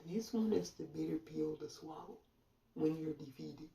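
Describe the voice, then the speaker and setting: A woman's voice: deep voice, moderate pace, vocal fry, mellow. A woman giving a blunt, sardonic opinion monologue as a commentator. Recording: roomy sound from a distance.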